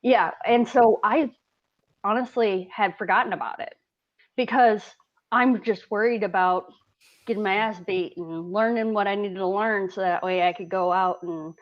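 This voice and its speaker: A woman's voice: medium pitch, normal speed, lo-fi sound. A woman in her thirties, a Coast Guard veteran, telling stories candidly in a casual interview, laughing often and swearing freely.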